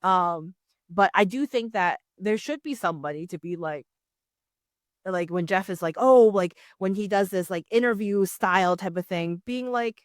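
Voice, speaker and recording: A young woman in casual podcast chat, talking in a middle pitch with lots of giggling and sudden squealing mock voices. Her voice sits close and dry on the mic, with no room sound around it. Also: normal speed, no echo. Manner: animated, jumps into high-pitched mock voices; chatty and giggly. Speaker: podcast co-host.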